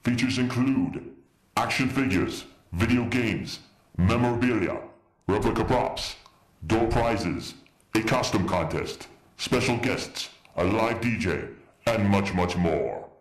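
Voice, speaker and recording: A man's voice: lowish voice, animated, slow pace. A man playing a pompous alien invader who gives stiff, solemn orders in a comic homemade commercial. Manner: stiff, solemn announcement delivery. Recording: roomy, echoey recording.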